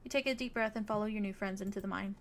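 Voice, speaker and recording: A woman streamer reading a visual novel aloud in an even, story-telling way. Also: mid-range voice, rapid-fire, slight background noise.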